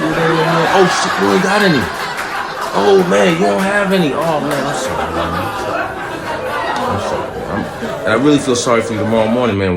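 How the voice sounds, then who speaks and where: A cocky young boy brags and taunts in a loud, high, pushed-up voice, as a man acts him out. He keeps stretching out "man" at the ends of his lines, and the recording is noisy. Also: gravelly.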